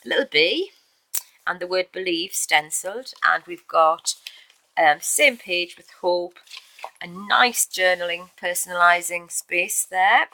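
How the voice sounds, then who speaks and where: A woman's voice: fairly low pitch, measured pace, pushed and bright, dry recording, rough recording. A woman casually showing a handmade journal she made, talking in a chatty way with fillers and little self-corrections. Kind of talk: casual show-and-tell video.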